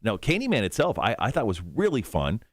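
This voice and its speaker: A man's voice: fairly low pitch, no echo, clean studio sound. A man co-hosting a radio show, chatting casually and laughing easily. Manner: animated, quick to laugh.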